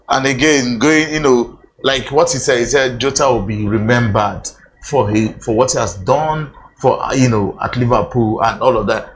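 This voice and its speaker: A man with a Nigerian accent hosting a TV sports show in a studio, speaking haltingly with many fillers and repeated phrases. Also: mid-range voice, a bit bright, slight background noise, poor audio. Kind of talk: studio discussion, casual.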